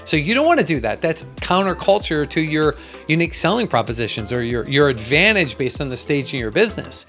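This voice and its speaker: An emphatic male business coach with a fairly high voice. He talks in a punchy motivational style and keeps breaking into acted-out exchanges. Faint music plays behind him. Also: big pitch swings, fairly quick, fairly bright tone. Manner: emphatic, acts out dialogues with pitch jumps.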